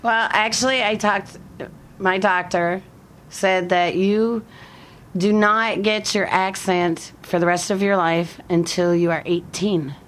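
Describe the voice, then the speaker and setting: A woman's voice: medium pitch, fairly even intonation, slow. A middle-aged woman from around Buffalo, with an accent mixing Western New York and Alabama southern, chatting in a casual interview. She is plain-spoken and laughs often. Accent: mixed Western New York and Alabama southern. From Buffalo, New York area. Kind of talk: casual conversation.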